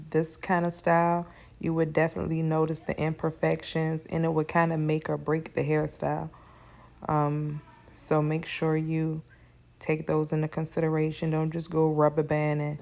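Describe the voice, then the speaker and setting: A woman's voice: low voice, vocal fry, darkish tone. A tired woman giving a casual, chatty hair braiding tutorial, talking her viewers through each step. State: tired, yawning.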